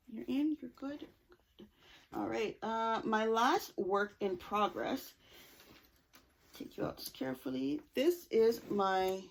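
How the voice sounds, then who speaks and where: Woman host of a knitting vlog, casual and self-correcting, mid-pitched, talking to camera. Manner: chatty, self-correcting, cheerful. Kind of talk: casual chat showing knitting projects.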